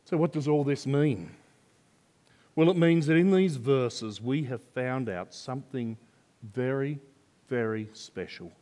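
An older man preaching a sermon, slow and earnest, building to emphatic swells of conviction. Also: mid-range voice, a little mellow. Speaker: pastor.

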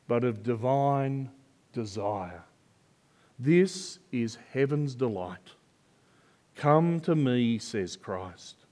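Older male pastor preaching; unhurried, earnest, rising to strong emphasis. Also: mid-range voice, darkish tone. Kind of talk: sermon.

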